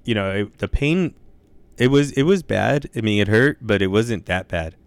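A man's voice: fairly low pitch, lively intonation, normal speed, clean tone, dry recording. A young man telling a story in casual chat, laid-back and loose, swearing a lot and saying dude and bro.

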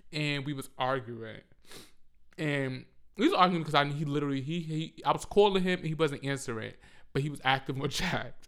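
A man's voice: fairly high pitch, fairly bright tone, smooth. A man telling a rambling, profane story in a casual monologue on a handheld mic.

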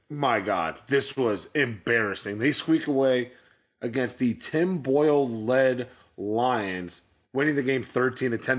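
A man co-hosting a casual football recap show, bluntly opinionated and rattling off game stats. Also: mid-range voice. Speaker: sports show co-host.

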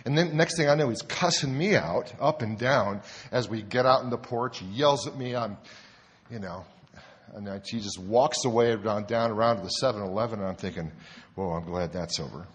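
Older pastor preaching in an echoing church. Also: male voice, medium pitch, normal speed. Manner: conversational, self-deprecating storytelling. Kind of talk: sermon with a personal story. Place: church sanctuary.

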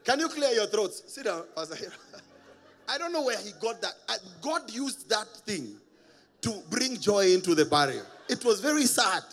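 A man preaching a sermon as a pastor, animated and often laughing at his own stories. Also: sits high, normal speed, long reverb tail.

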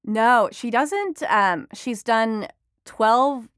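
A woman's voice: on the high side, very slow, fairly bright tone, smooth, no room sound, studio quality. A woman who is an entertainment reporter and author, chatting as an interview guest, telling stories with animation and frequent laughter. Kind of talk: conversational interview.

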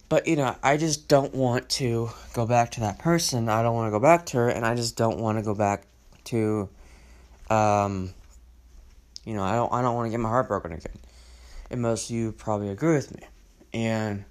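A man talks alone into his podcast mic, venting his feelings in long, rambling stretches. He stumbles, restarts and leans on fillers as he works through what's bothering him. His voice sits in an ordinary middle range. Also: medium pitch. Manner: emotional and venting. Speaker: podcast host. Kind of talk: solo podcast monologue.

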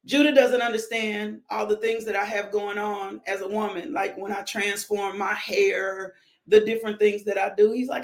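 A woman minister preaching a devotional. Her voice sits at a middle pitch with plenty of gravelly fry. She speaks emphatically, repeating her points in loose, casual phrasing. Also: flat delivery, moderate pace. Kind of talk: devotional sermon.

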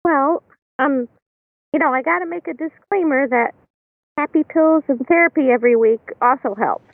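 A woman's voice: sits high, moderate pace, no echo. A woman guest on a podcast, talking hesitantly with many ums over a phone line. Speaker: guest caller. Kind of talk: casual interview chat. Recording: tinny dry phone line.

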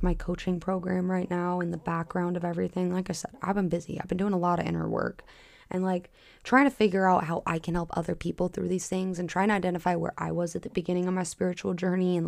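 A woman's voice: on the low side, creaky, no room sound. A young woman hosting a solo podcast as a spiritual coach, talking in a casual, passionate way with lots of filler words and cussing.

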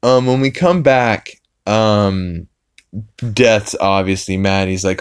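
Deep-voiced rambling podcast host. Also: male voice, takes it slowly, clear, resonant tone. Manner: rambling, many fillers and restarts. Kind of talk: casual episode recap.

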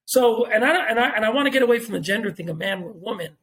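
A man's voice: high voice, expressive, racing, a bit bright, a little hiss or hum. A man, talking as a podcast guest in casual chat, emphatic, repeating himself and swearing freely.

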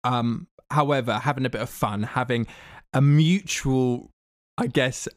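Young British male podcast co-host, banter-heavy, giggly, average pitch, dry recording. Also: a little slow, no room sound. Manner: excitable, laughing often, cheeky banter. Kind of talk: casual gaming podcast chat.

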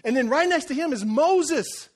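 A preacher man with a strikingly high voice, telling the story in an animated way. He cracks jokes and acts out the quotes as he preaches. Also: moderate pace. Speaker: pastor. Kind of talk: sermon.

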